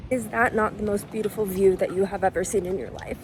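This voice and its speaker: A woman's voice: mid-range voice, fairly even intonation, quick pace, slight background noise. A woman in her twenties talking casually in a vlog, chatty and full of "like", acting out what people said. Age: 20s. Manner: chatty, lots of "like", acts out quotes. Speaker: vlogger.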